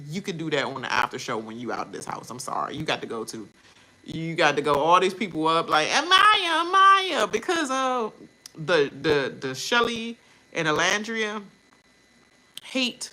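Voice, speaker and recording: Animated woman ranting casually. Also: on the low side. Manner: animated, laughing, mimics others in quoted voices. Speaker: reaction channel host.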